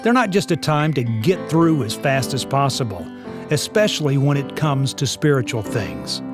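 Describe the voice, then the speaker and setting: A man reading a scripted radio spot in a warm, earnest way. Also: mid-range voice, very animated, moderate pace. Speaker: parenting radio spot host. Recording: radio spot over a music bed.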